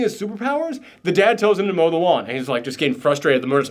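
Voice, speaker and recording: Animated, exasperated male film reviewer. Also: a little high, rapid-fire. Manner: animated, exasperated ranting with swearing. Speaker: film reaction host. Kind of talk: casual film review chat.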